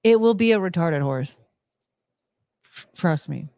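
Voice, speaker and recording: A woman's voice: on the low side, expressive, unhurried, mellow, dry recording. Young woman streamer chatting, baby talk to her dogs, dry dull mic. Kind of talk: casual chat with pets and chat.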